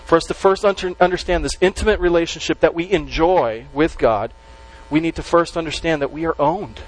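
A man preaching a sermon to a congregation, stressing key words slowly and letting his voice drop at the ends of phrases. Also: fairly high pitch, poor audio. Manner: emphatic, with slow stressed words and dropped endings. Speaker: pastor.

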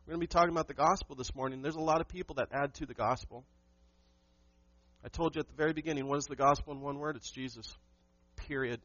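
A man's voice: a little high, fairly even intonation, quick pace, a bit bright, no echo, muffled recording, faint music behind. A man preaching a sermon to his church, emphatic and asking the congregation questions. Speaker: pastor.

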